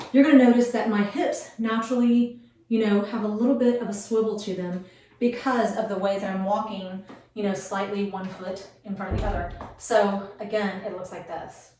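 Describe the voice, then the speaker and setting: A woman's voice: mid-range voice, a little mellow, a little hiss or hum. A woman in her forties giving beauty tips in a casual, rambling vlog, full of fillers and asides. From United States. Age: 40s. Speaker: beauty vlogger. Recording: roomy, mic some distance away.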